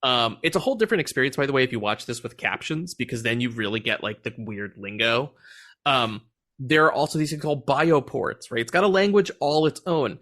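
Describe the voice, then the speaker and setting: A man's voice: medium pitch, expressive, a little fast, fairly bright tone. A man hosting a movie podcast, chatting casually and animatedly, swearing now and then and laughing often. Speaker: podcast host. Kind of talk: casual movie review chat.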